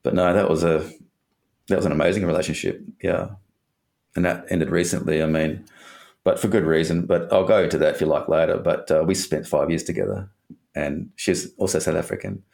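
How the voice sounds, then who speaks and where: Man, very low voice, from Australia, casual storytelling, candid, casual swearing, gravelly. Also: steady tone, fairly quick, a little mellow.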